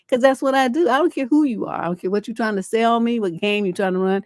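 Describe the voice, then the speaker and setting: A woman's voice: on the high side, animated, quick pace, few pauses, darkish tone, no echo, studio quality. A middle-aged woman hosting a relationship advice livestream, talking in a blunt, profane, rambling way full of fillers, and reading viewer letters aloud. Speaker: relationship coach and livestream host.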